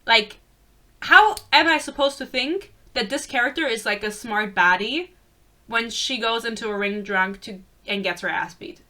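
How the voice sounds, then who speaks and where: A woman's voice: on the high side, normal speed, bright, forceful tone. A woman in her twenties giving a blunt, profane, exasperated book review rant in a casual vlog.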